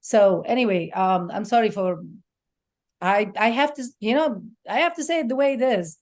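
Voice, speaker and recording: A woman's voice: medium pitch, normal speed, a little mellow. A woman guest speaker at a forum, talking in an outspoken, emotional and passionate way. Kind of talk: impassioned panel talk.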